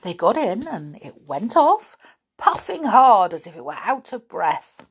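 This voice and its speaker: A woman reading a children's storybook aloud, unhurried, breaking off for chatty asides to her listeners. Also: medium pitch, very animated, husky.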